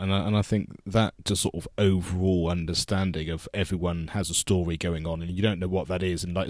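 A man's voice: sits low, dry recording, clean studio sound. A man hosting a podcast interview, reflecting thoughtfully and asking questions. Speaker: podcast host. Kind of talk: interview conversation.

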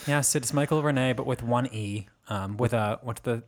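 A man's voice: mid-range voice, moderate pace. A man co-hosting a casual podcast, bantering and teasing his friend with frequent laughter. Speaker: podcast co-host.

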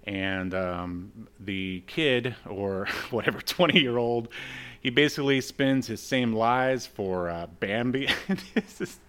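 A man co-hosting a podcast, recapping a comic in a relaxed, chuckling way and reading out the lines in the panels. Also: mid-range voice, slow pace, clean tone. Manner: laid-back, chuckling, reads out panel lines. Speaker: podcast co-host. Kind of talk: casual chat recapping a comic.

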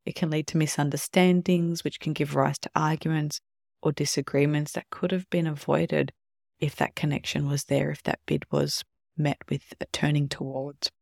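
A podcast host talking calmly on their own about relationships and now and then acting out short quoted examples. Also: medium pitch, moderate pace, gravelly, no room sound, clean studio sound. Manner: calm explanatory, acts out short quoted examples. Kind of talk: solo podcast talk on relationships.

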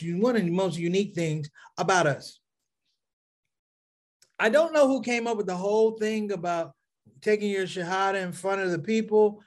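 A male stand-up comedian telling a story to his audience, calling them brothers and sisters and swinging from low asides to shouted punchlines.

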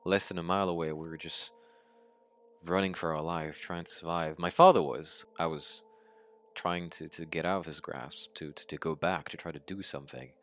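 An actor playing a haunted young man who survived a massacre, retelling it in a halting, stammering way in an audio drama monologue. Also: low voice, steady tone, fairly bright tone. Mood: grim. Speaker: survivor recounting his story.

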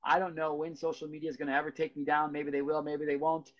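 A man's voice: a little high, level tone, quick pace. A man hosting his own podcast, speaking earnestly and casually in a motivational solo monologue. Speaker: podcast host. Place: podcast studio. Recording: dull lo-fi sound.

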